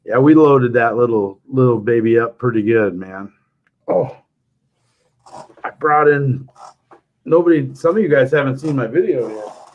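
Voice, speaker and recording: A man's voice: mid-range voice, a little slow, pauses often. Guy hosting a card stream, laid back and jokey, kinda dull lo-fi sound. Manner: jokey storytelling, chuckles often. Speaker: livestream host. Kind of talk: casual chat.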